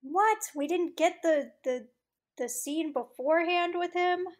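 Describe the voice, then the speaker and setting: High-voiced woman co-host, thoughtful. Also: a little slow. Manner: thoughtful, hedging with fillers. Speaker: podcast co-host. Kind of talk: casual chat.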